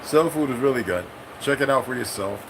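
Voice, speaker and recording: A middle-aged military veteran talking in a casual, rambling monologue, profane and streetwise, breaking into sudden high-pitched bursts. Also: male voice, lively intonation, a little fast, gravelly, noisy background.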